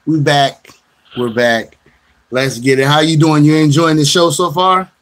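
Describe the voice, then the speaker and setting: A man's voice: on the high side, fairly even intonation, unhurried, fairly bright tone. A middle-aged man hosting a casual radio show, loose and joking, talking straight to listeners. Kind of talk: casual internet radio chat.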